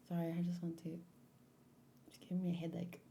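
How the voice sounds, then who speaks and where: A woman's voice: lowish voice, a little mellow, a little hiss or hum. A woman reading a manga aloud, breaking off for chatty asides about the pictures. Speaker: reader. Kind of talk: manga read-along with commentary.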